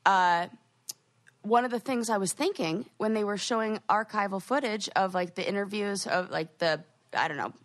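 Chatty woman podcast host, rambling. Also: moderate pace. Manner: chatty, rambling with many fillers and restarts; lively, jumps up in pitch for quoted asides. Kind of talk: casual chat.

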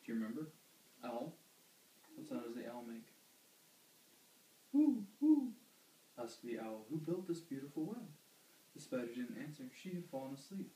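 A man's voice: mid-range voice, brisk, warm tone, roomy sound, slight background noise, low-quality recording. Patient man reading a picture book aloud. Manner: patient, coaxing, quizzes the child on animal sounds. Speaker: parent reading to a toddler.

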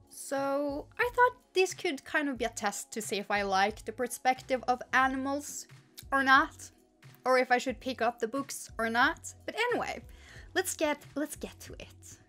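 Giggly young woman, lively vlog chat. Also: high-pitched. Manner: giggly, chatty, excitable. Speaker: YouTuber. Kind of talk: casual vlog chat and story reading.

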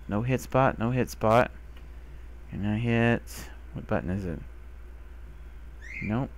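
A young man doing casual game commentary, talking to the animals he finds and getting excited by them. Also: fairly low pitch. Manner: talks to animals, excitable, squeals when delighted. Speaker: gamer. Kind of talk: casual let's play commentary.

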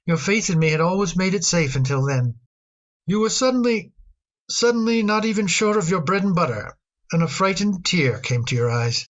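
A woman voicing a gentle, fond middle-aged father in a radio drama, hesitant and given to repeating words. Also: fairly low pitch, animated, moderate pace, muffled recording, natural voice. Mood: wistful.

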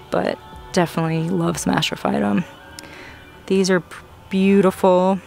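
A young woman filming a casual plant-shopping vlog in a nursery, gushing excitedly over the plants she finds. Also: medium pitch. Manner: excited, gushing, frequent gasps. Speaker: plant vlogger.

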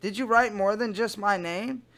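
A man playing a smarmy adult man sweet-talking online, with a slow, doting, syrupy delivery. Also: high voice, fairly bright tone.

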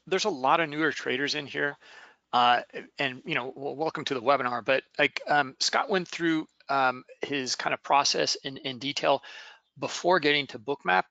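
A man co-hosting a trading webinar, speaking in a halting way with lots of fillers and restarts. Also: on the high side, creaky, sharp tone, no room sound, lo-fi sound. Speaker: webinar co-host. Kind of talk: casual webinar commentary.

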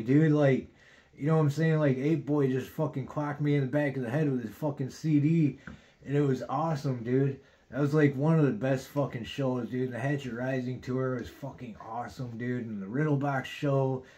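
A man's voice: medium pitch, dark tone. A rambling man in his thirties, telling a story on his own podcast. He talks loosely and casually, swears a lot and works "dude" into nearly every line. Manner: rambling, heavy swearing, says dude constantly. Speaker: podcast host.

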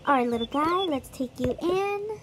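High-voiced chatty woman gamer. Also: animated, moderate pace, heavy background noise. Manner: chatty, addresses viewers directly. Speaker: gaming YouTuber. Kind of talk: casual game walkthrough vlog.

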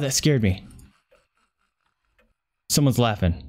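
A man's voice: fairly low pitch, animated, measured pace, pauses often, a little mellow. Swearing young man gaming on stream. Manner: frustrated, swearing, talking to himself. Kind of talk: casual gameplay commentary.

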